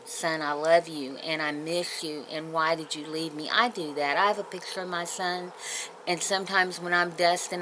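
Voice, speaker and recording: Tearful woman with steady background noise. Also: on the low side. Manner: tearful, earnest, consoling. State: crying. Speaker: vlogger. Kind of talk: heartfelt personal talk to camera.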